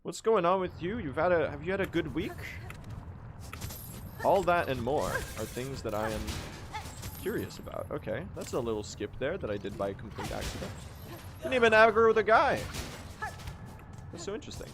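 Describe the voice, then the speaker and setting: A man's voice: fairly high pitch, sing-song, moderate pace, pauses often, a bit bright, a little hiss or hum. A young man doing live, joking gameplay commentary as a speedrun streamer. He chats to his viewers and swears casually.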